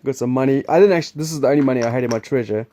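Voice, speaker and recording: A man's voice: mid-range voice, very fast, warm tone. A man hosting a board game preview, explaining the game in a rambling, chuckling, casual way. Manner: rambling, chuckling, restarts sentences.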